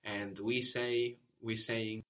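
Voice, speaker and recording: A man's voice: lowish voice, flat delivery, takes it slowly, fairly bright tone. A man teaching a language lesson, patiently prompting his student and repeating each answer.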